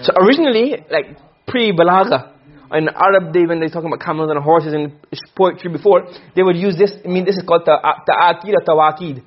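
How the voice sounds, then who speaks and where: Fast-talking, husky male teacher. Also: fairly high pitch, highs cut off. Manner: quick, questioning students often, mixing Arabic terms. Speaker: teacher of Arabic rhetoric. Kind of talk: classroom lecture.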